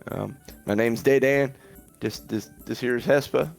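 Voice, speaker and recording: A man's voice: medium pitch, unhurried, creaky, soft background music. A man voicing a big, grumpy male goliath logger who talks in a rambling, rustic backwoods way. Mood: folksy.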